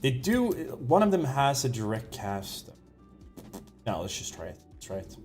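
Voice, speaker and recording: A man's voice: mid-range voice, normal speed. A male game streamer from Sweden, his slight Swedish accent slipping in and out as he talks. His voice rises and falls a lot as he chats casually, laughs, and yelps at the action. Faint music plays behind him. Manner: excitable, laughs easily, bursts into loud exclamations. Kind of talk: casual live gameplay commentary.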